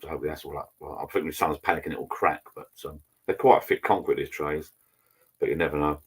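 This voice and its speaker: Middle-aged man, very low voice, loose rambling live-stream host. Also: steady tone, fast talker, slightly rough. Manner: rambling, chatty, greets viewers by name. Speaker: channel host. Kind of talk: casual live-stream chat. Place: home garden bar. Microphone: laptop.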